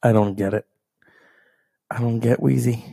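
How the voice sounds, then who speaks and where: Gravelly man in a profane rant. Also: mid-range voice, unhurried. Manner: profane, heated ranting; animated storyteller who acts out others' lines. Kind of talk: ranting personal storytelling monologue.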